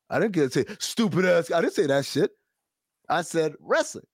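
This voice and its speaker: A podcast co-host with a slightly high voice speaks at a moderate pace, captured in studio quality without echo. He spins a story in casual chat, swearing freely and performing other people's lines in their voices, all with animated energy.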